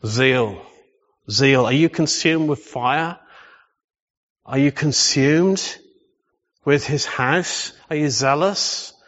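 A man's voice: a little high, slow pace, pauses often, fairly bright tone. A man preaching a sermon, emphatic and full of rhetorical questions. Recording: echoey hall, slightly dull sound.

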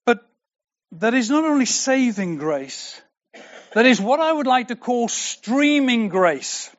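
A man preaching a sermon, emphatic and slow, repeating key words for weight. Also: extremely high pitch, big pitch swings. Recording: dull lo-fi recording.

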